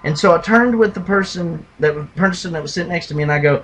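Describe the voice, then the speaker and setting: A man co-hosting a casual podcast, retelling and mocking movie scenes with animated delivery and loud impressions. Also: on the high side, fast talker, low-quality recording. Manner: animated storyteller, mimics lines in a loud gravelly shout. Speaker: podcast co-host. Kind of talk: casual movie review chat.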